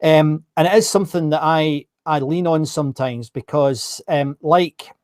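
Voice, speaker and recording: A man's voice: fairly high pitch, measured pace, darkish tone, dry recording, clean studio sound. A Scottish man hosting a live-streamed interview, chatting casually, correcting himself and reading out viewer comments. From Scotland. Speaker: host.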